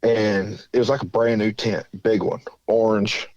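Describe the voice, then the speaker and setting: Male caller from southern Indiana, rambling and folksy, lowish voice, dull dry lo-fi audio. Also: fairly even intonation, a little slow, a little mellow, dry recording. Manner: rambling, folksy, many fillers. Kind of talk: casual storytelling.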